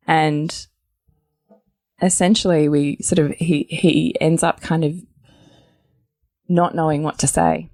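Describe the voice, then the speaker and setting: An Australian woman tells a personal story with candid, lively frankness and the odd swear word. Her voice sits low for a woman. It is recorded dry and close, with no room sound. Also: slow, gravelly, long pauses, no room sound. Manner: frank, animated, swears freely. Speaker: host.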